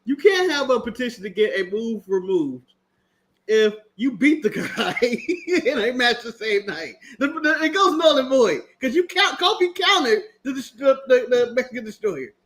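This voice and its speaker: American dude cohosting a wrestling podcast, really high bright voice, jokey and laughing. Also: male voice, sing-song, normal speed. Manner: joking, laughs often, swears freely. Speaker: podcast co-host. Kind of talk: casual wrestling review chat.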